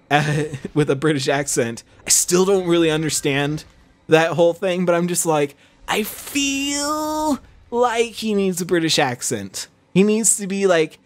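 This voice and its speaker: A man hosting a let's play, rambling through casual gameplay commentary with self-deprecating jokes. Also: on the high side.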